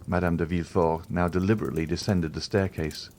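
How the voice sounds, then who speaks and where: A man reading a classic novel aloud in a measured, even scripted narration. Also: low voice, a little hiss or hum. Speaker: audiobook narrator.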